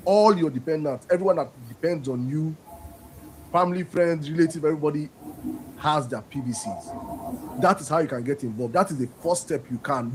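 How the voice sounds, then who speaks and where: A man co-hosts an online audio room, earnestly answering audience questions. His voice is a little high. Faint background noise comes through. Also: rough recording. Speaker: co-host.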